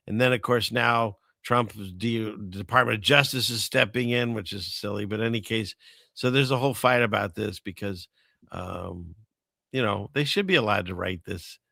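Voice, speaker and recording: A man hosting a casual talk show in a gravelly but bright voice, close and dry on the mic. He wanders through stories, trails off, and laughs along with his own jokes. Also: fairly low pitch, no room sound. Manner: rambling, self-amused, chuckles at his own jokes. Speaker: podcast host. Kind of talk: casual chat.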